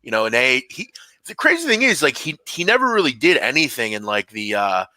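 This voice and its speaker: A man's voice: mid-range voice, big pitch swings, a little fast, sharp tone, dry recording. A man hosting a casual sports betting show, talking loosely with lots of fillers.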